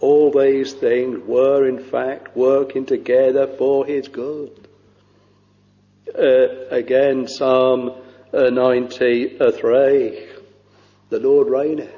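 A man preaching a sermon in a slow, halting way, with many pauses and fillers. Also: mid-range voice, flat delivery. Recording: dull lo-fi recording with long hall reverb.

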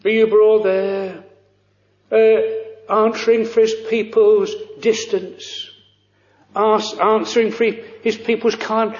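High-pitched preacher guy, slow and halting, echoey dull old chapel recording. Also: darkish tone. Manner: earnest, halting, many fillers, archaic phrasing. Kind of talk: sermon.

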